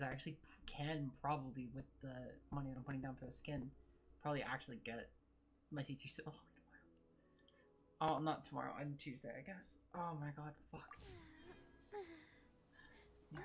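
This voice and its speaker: Low-voiced young woman streamer, gushing. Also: a little hiss or hum. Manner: emotional, gushing, heavy swearing. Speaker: game streamer. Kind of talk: live-stream reaction commentary.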